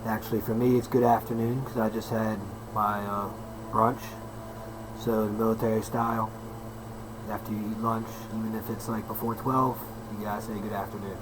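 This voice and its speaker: A man's voice: on the low side, level tone, moderate pace, background noise. A man in his thirties, a personal trainer, talking in a casual rambling vlog, hyper and upbeat with slang and lots of repeats. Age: 30s.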